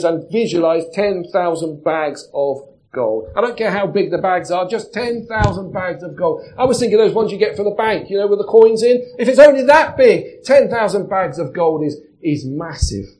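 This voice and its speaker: Mellow-voiced man preaching. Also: high-pitched, animated, moderate pace, few pauses, rough recording. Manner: conversational, asks the congregation questions. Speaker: pastor. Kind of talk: sermon.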